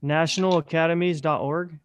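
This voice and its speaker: A man's voice: fairly high pitch, steady tone, brisk, a little hiss or hum. Brief, matter-of-fact man on a podcast. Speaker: podcast co-host. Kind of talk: casual chat.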